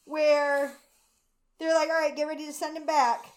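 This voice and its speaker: A woman's voice: high voice, flat delivery, normal speed. A woman co-hosting a casual podcast, recapping a show in a sarcastic, swearing chat. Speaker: podcast co-host.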